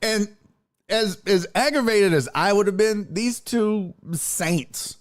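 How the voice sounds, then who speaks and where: A man's voice: sits high, animated, takes it slowly. A man hosting a sports talk show, telling a story in a casual, profane way and laughing often.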